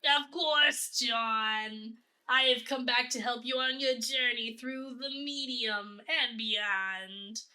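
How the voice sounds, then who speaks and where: A woman's voice: a little high, fairly even intonation, slow, bright, forceful tone, full character voice. A woman reading a comic aloud while putting on a quavering old grandma voice for a ghostly grandmother figure. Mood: doting. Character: creaky old grandma spirit, sweet and eerie.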